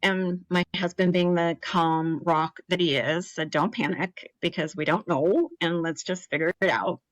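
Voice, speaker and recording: A woman in her thirties recounts her own story as an interview guest, her voice sitting somewhat low. She speaks earnestly and with emotion, briefly acting out the voices of others. The recording is dry and close, with no room sound. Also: unhurried, no echo, poor audio. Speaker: podcast guest, cancer survivor.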